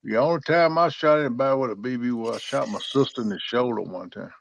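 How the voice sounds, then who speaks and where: A man co-hosting a casual chat, chiming in with quick reactions and teasing questions. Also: medium pitch, vocal fry. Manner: chatty, quick to react and tease. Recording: dull lo-fi sound.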